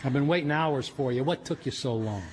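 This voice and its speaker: A man's voice: mid-range voice, fairly quick, heavy background noise, lightly acted. An actor playing a heartbroken older man in a radio comedy, with hammy mock film-noir romance. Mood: wounded.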